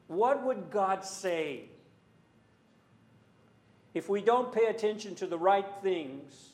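A man preaching a sermon in a church, earnest and full of rhetorical questions, sometimes rising to loud emphasis. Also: high voice, roomy sound.

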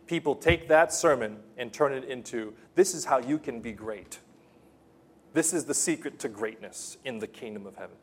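Husky-voiced man preaching with fervor. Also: mid-range voice. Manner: impassioned preaching, swings from soft to loud; repeats phrases for emphasis, with restarts. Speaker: pastor. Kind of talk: sermon.

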